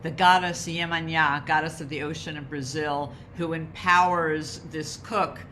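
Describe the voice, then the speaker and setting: A woman's voice: deep voice, steady tone, unhurried, sharp tone, a little hiss or hum. A woman talking about rituals and wellness in a conversation, explaining with emphasis. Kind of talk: conversational advice talk.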